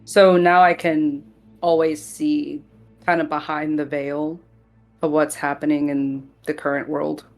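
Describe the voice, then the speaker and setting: Low-voiced female player, slow and careful, faint music underneath. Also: level tone. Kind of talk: casual tabletop game chat.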